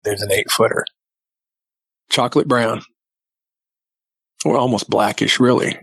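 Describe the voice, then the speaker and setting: A man's voice: on the low side, unhurried, gravelly, husky, no echo. A middle-aged man, a guest, telling a story in a plain-spoken, folksy way and quoting lots of dialogue. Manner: lively retelling with lots of quoted dialogue. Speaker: guest recounting a sighting. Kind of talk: casual storytelling.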